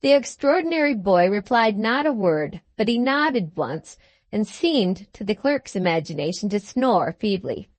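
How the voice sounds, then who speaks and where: A woman narrating a classic novel as an audiobook, reading in an even, measured way. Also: mid-range voice, no room sound. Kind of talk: scripted narration.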